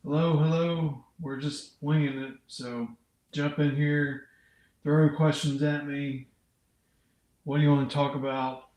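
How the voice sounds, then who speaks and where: A man's voice: fairly high pitch, level tone, a little slow, darkish tone, reverberant, rough recording. A man hosting an unscripted livestream, chatting casually and reading out viewers' comments as he rambles. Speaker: livestream host. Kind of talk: unscripted live chat with viewers.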